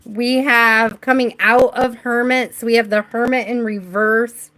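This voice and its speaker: A woman's voice: a little high, steady tone, unhurried, fairly bright tone. A woman doing a live-stream tarot reading, chatty and giggly, talking to her viewers and to spirit, with the hiccups. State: has the hiccups. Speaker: tarot reader. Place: home reading space.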